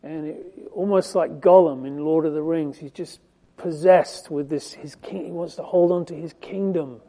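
Male preacher, conversational and emphatic sermon delivery, slightly high pitch, very warm dark timbre. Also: fairly even intonation, normal speed. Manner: conversational, emphatic, with frequent fillers and restarts. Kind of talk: sermon, Bible teaching.

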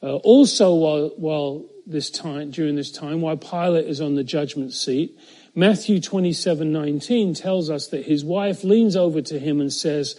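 Male preacher, fairly high warm voice, steady verse-by-verse teaching with emphatic slowdowns. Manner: measured, emphatic, slows on key phrases; occasional fillers and self-corrections. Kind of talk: expository Bible teaching.

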